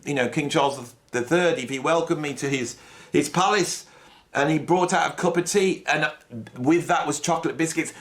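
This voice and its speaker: Man ranting in mock outrage. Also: a bit bright. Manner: mock-outraged rant that swings between low muttering and raised indignation. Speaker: comedy video host. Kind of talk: mock-serious comedic monologue.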